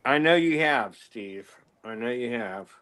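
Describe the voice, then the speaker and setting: A man's voice: medium pitch, animated, measured pace, a bit bright. A man casually showing off his comic collection, admiring each book. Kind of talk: casual chat.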